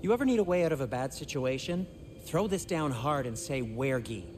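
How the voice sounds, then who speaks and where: A man's voice: medium pitch, animated, brisk, darkish tone, slight background noise, close to an everyday voice. A man voicing a fussy, kind dwarf smith in a game, speaking in an earnest, careful way.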